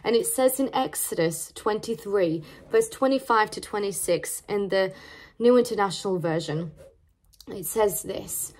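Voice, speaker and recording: A young adult woman from Serbia, giving a devotional talk to her church in an expressive, animated storytelling manner. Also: mid-range voice, unhurried. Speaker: church team member and college student.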